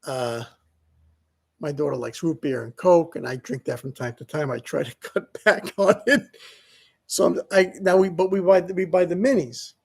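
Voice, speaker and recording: A man's voice: fairly high pitch, fairly even intonation, moderate pace, creaky, slightly rough. A middle-aged man vlogging in a casual, rambling, self-mocking way, laughing often as he talks. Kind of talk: casual vlog monologue.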